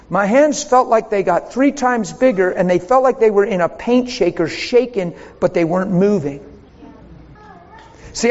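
Male pastor, high-pitched, animated sermon storyteller; long reverb, muffled church recording.

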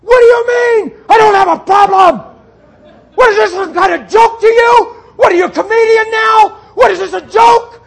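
A man playing a distraught husband who screams at God, shouting frantically and high. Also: moderate pace, creaky, some chatter behind. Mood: furious.

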